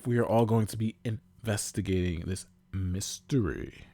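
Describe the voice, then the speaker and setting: A man's voice: fairly low pitch, measured pace, warm tone. A man voicing a stuffy middle-aged British male librarian mentor in a put-on British accent, prim and formal.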